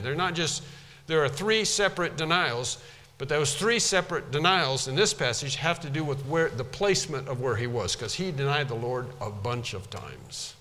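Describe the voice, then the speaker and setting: Bright-voiced male preacher in a reverberant hall. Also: medium pitch, animated, moderate pace. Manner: explains word by word, repeats for emphasis. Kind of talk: expository Bible teaching.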